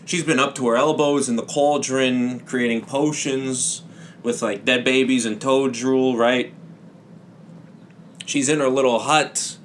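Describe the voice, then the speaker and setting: A young man hosting a comedy podcast, telling rambling absurd stories in a deadpan way with sudden loud bursts. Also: medium pitch, a little hiss or hum. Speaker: podcast host. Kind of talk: absurd comic storytelling.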